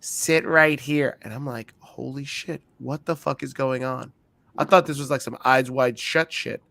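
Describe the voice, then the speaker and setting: Man, podcast co-host, casual profane storytelling, bright tone, somewhat high, dry close sound. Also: moderate pace, gravelly, no room sound. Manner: profane, animated storytelling with acted-out quotes. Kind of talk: casual chat.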